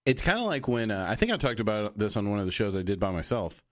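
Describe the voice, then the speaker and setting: A man's voice: on the low side, sing-song, quick pace. A man co-hosting a podcast in casual chat, rambling through tangents and restarts and acting out quoted lines. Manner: acts out quoted voices. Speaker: podcast co-host.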